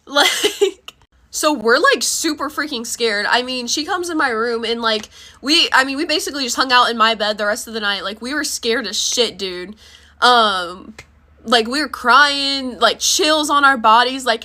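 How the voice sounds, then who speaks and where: A woman's voice: a little high, sharp tone. A young woman telling a spooky story from her own life in a casual, chatty way, full of fillers and swearing.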